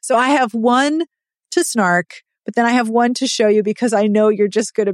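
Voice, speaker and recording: A woman's voice: a little high, no room sound, studio quality. Playful, sardonic woman podcast host. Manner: playful, sardonic, quick asides. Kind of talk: casual podcast chat and sponsor read.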